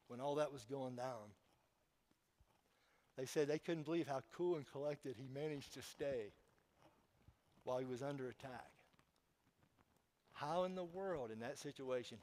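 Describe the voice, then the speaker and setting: A man pastor preaching a sermon in church, telling a story with emphatic swings in loudness and speaking straight to the congregation. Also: mid-range voice, normal speed, long pauses, rough recording.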